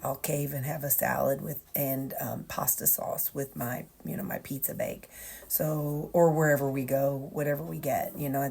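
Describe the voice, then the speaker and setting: An older woman with a Missouri accent, chatting casually to her viewers and pausing often with ums. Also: very deep voice, creaky, dark tone, husky. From Missouri, USA. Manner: hesitant, many ums, folksy. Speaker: weight-loss vlogger. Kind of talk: casual chat to camera.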